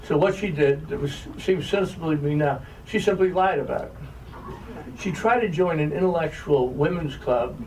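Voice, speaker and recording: A man's voice: on the high side, moderate pace, darkish tone. Older man, wry storyteller. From American South. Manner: wry, self-mocking, conversational. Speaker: author telling stories to an audience. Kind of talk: humorous storytelling talk. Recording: distant mic, faint room noise.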